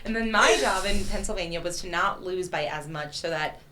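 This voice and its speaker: A woman speaking as a guest in a casual interview, telling stories in a candid, animated way with frank profanity. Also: lowish voice, a little fast. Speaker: county party chair, guest.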